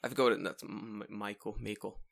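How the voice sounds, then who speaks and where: Guy on a podcast swearing a lot, bright punchy voice, goes loud and ranty. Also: on the low side, steady tone, fairly quick, vocal fry. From living in Japan. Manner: profane, loud bursts of mock shouting. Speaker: podcast co-host. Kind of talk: casual podcast chat.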